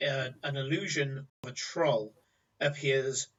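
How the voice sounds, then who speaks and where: A man's voice: mid-range voice, steady tone, unhurried, fairly bright tone, husky. A man narrating a tabletop game as game master, with vivid descriptive storytelling, on a distant, muffled recording.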